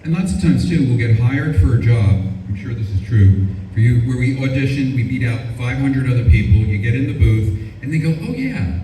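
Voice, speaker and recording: A man's voice: medium pitch, brisk, mellow, slight background noise. An older man who is a voice actor, answering fans at a convention panel with jokes and self-deprecating stories. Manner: joking, self-deprecating storyteller. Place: large convention panel hall. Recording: echoey hall, speaker far from mic.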